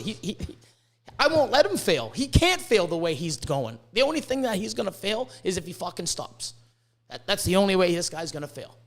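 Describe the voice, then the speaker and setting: With a high-pitched, somewhat bright voice, a Canadian podcast host chats casually. Driving home emphatic points, he swears often and gets tangled in repeated words.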